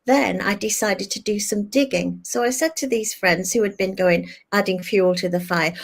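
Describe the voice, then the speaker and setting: A woman's voice: mid-range voice, normal speed, gravelly, hardly any pauses. Older woman telling a candid story. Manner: animated, acts out her own past thoughts in quoted asides. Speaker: guest.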